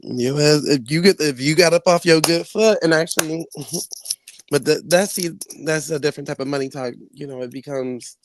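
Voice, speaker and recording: A man chatting on a live online panel from home, brash and animated, laughing often and swearing freely. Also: on the high side, moderate pace, no echo. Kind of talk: casual trash-talking chat.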